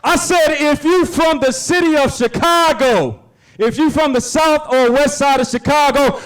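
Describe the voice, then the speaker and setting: A man leading an audience through call-and-response chants from a stage, energetic and shouting. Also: extremely high pitch, poor audio. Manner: energetic, shouted chants with a slow, stretched cadence. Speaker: program founder and host. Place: large indoor stage, live audience.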